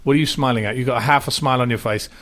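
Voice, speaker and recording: A man's voice: mid-range voice, fairly even intonation, racing, a loud crowd. A man hosting a radio talk show in a studio, chatting casually, laughing often and restarting his sentences.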